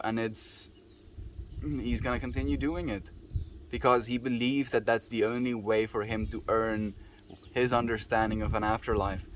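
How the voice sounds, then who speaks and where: A man's voice: lowish voice, a bit bright, a little hiss or hum. A man livestreaming, chatting with his viewers in an earnest, affectionate, reflective way. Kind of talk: casual chat with live viewers.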